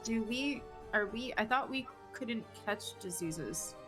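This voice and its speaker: A woman's voice: on the high side, animated, slow, music in the background. Woman playing a tearful, frightened young vampire. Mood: distressed. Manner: distressed, tearful, pleading. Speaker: player.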